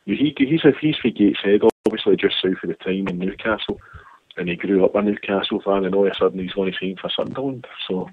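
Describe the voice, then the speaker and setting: A man's voice: low voice, quick pace, husky. A Scottish man calling in to a radio show, rambling passionately about football. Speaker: caller. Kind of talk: casual phone chat. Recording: tinny dry phone line.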